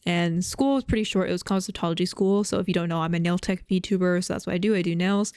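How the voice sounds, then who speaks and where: A woman's voice: on the low side, quick pace, darkish tone, smooth, no room sound. A young adult woman VTuber chatting casually to her viewers, rambling with many fillers and restarts while chewing gum. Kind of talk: casual chat to camera.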